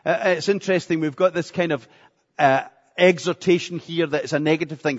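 A man's voice: fairly high pitch, a little fast. A man preaching a sermon with earnestness, repeating phrases for emphasis. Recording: echoey hall, dull lo-fi sound.

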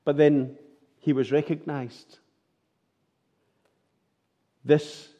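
A man's voice: high-pitched, unhurried, pauses often, warm tone. A man preaching a sermon, earnest and full of rhetorical tag questions.

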